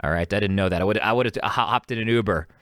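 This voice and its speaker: Rambling low-voiced man telling a story. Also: rapid-fire, fairly bright tone, no room sound, clean studio sound. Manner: rambling, self-mocking, acts out both sides of the quarrel. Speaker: podcast host. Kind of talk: casual storytelling monologue.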